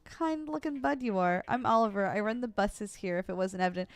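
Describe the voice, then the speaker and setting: A woman's voice: mid-range voice, fairly quick, no room sound, soft background music, lightly acted. A woman reading the lines of a friendly male bus driver in a video game, chummy and folksy.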